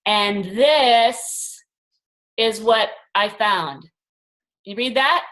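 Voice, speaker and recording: An older woman leading a group video call, telling a personal story and acting out her own inner voices with lively swings. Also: medium pitch, slow, pauses often, echoey room, rough recording. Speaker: group leader.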